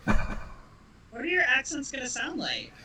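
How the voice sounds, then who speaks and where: A man's voice: very high-pitched, lively intonation, takes it slowly, distant mic, crowd noise, poor audio. A man co-hosting a podcast, teasing and jokey, firing off questions in casual chat. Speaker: podcast co-host.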